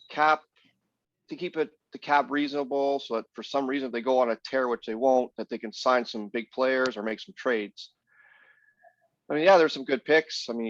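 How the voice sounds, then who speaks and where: A man's voice: mid-range voice, no echo. A man co-hosting a casual hockey podcast, blunt and sarcastic in his opinions. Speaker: podcast co-host. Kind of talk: casual sports chat. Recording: dull lo-fi, dry sound.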